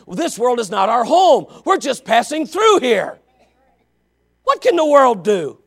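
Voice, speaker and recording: A Baptist pastor preaching a fervent sermon, swinging between quiet asides and shouts. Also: male voice, very high-pitched, very animated, normal speed, creaky.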